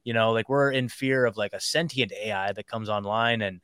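A man hosting a podcast interview, affirming his guest and talking in a quick, conversational way. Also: on the low side, fairly bright tone, smooth, dry recording. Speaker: podcast host. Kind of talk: casual interview talk.

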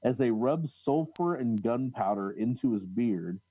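The co-host sounds animated and medium-pitched, with no room sound and dull audio. Reading old quotes and accounts aloud in a casual religious-history talk, he stumbles along with frequent fillers and restarts.

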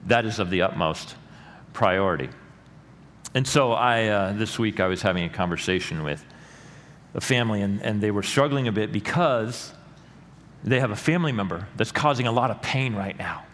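A middle-aged male pastor preaching a sermon in a church, earnest and rising to loud emphatic peaks. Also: fairly low pitch, animated, normal speed. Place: church sanctuary. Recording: long hall reverb with faint room noise.

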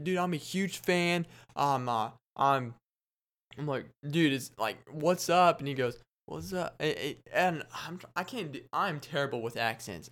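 A man's voice: medium pitch, a bit bright, clean tone. A young man hosting a podcast, telling a story in a casual, rambling way and laughing often. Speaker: podcast host.

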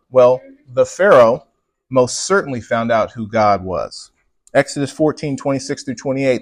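A man's voice: mid-range voice, normal speed, no echo. A man preaching a sermon to a congregation, pressing hard on key words and asking the room to respond. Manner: emphatic, punches key words, talks with the congregation. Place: church with congregation.

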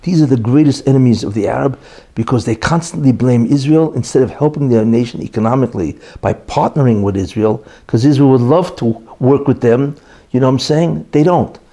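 A man's voice: mid-range voice, fairly quick, mellow. A man giving an opinionated monologue as a commentator, emphatic and full of rhetorical questions and repeated "you know".

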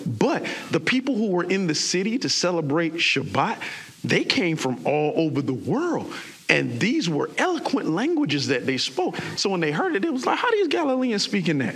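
A young man from South Florida preaches. His voice sits high and bright, with a gravelly, husky edge. He throws himself into the sermon and slips into voices for the people in his stories. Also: moderate pace. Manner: animated preaching with voiced asides and impressions. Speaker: pastor.

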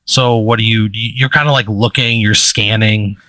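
A man narrating a tabletop game as game master, casual and halting, with lots of fillers and restarts. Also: lowish voice, steady tone, bright, forceful tone, dry recording.

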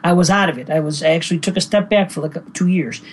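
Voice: mid-range voice, quick pace, husky, low-quality recording. A podcast host reflecting and telling stories in an easygoing way during casual banter.

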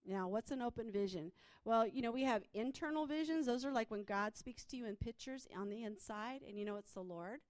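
A woman's voice: a little high, a little fast, dry recording. A woman minister telling her testimony in a chatty way, full of fillers and restarts. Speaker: prophetic minister. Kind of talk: personal testimony.

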